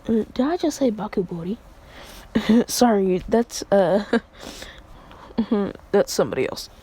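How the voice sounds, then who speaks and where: A woman's voice: mid-range voice, animated, measured pace, warm tone, slightly rough. A young woman casually retelling a fan story, rambling, profane and laughing between lines.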